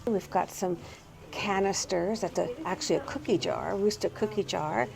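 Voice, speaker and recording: A woman's voice: mid-range voice, moderate pace, creaky. A middle-aged woman hosting a casual tour of antique and thrift shops, pointing out items with fond admiration. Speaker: host touring antique shops. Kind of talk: casual walking shop tour.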